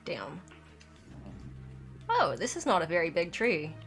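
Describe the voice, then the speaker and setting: A woman's voice: lowish voice, wildly swooping pitch, unhurried, a bit bright, faint music behind. A woman streaming a game and chatting casually, her throat dry from illness and her speech slightly lisped by dental aligners. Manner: chatty, rambling, reads chat aloud. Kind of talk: casual live gameplay chat.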